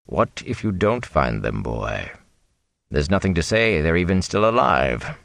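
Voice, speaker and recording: A sardonic old minstrel drawls his words in a deep, dry, mocking tone, voiced by a male narrator. He stretches out phrases for effect and dips very low on his put-downs. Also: very animated, a little slow, gravelly, a bit bright, dry recording, full character voice. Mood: grave. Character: old wry traveling minstrel man, sardonic.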